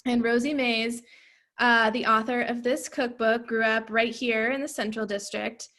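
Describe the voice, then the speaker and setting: A woman book editor presenting a cookbook on a video call, unhurried, with many fillers. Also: a little high, fairly even intonation, a bit bright. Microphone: computer mic on a video call.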